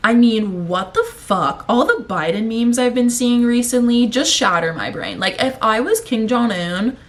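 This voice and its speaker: A woman's voice: fairly high pitch, lively intonation, moderate pace, hardly any pauses. A young woman talks straight to her camera in a loose, rambling way, swearing freely and getting emotional. Her throat is sore and she sounds a little out of breath as she goes. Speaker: vlogger. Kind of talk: casual chat to camera.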